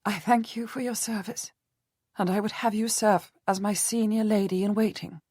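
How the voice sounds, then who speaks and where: Frail young queen, read by a woman narrator: soft, weary, breath catching, slightly low voice, dry close sound. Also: moderate pace, breathy edge, no echo. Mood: gentle weary.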